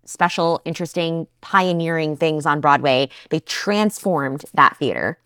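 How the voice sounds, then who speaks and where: Chatty New woman, lowish voice. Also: a little slow, fairly bright tone, clear, resonant tone, no room sound, studio quality. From New Jersey. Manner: chatty, enthusiastic, many fillers. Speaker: podcast co-host. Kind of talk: casual chat.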